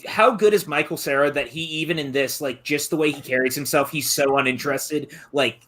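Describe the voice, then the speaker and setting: A man's voice: on the high side, fairly quick, pushed and bright. A man hosting a movie watch-along livestream, reading viewer comments aloud and gushing about the film. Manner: enthusiastic, reads out viewer comments. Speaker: livestream host reading chat.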